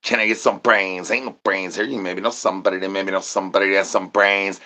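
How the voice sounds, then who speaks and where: A man's voice: low voice, flat delivery, fast, few pauses. A man ranting an absurd comedy monologue full of rhyming nonsense slang and stuttered repeated words. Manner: shouts out catchphrases. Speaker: comedy channel host. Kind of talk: absurd improvised comedy rant.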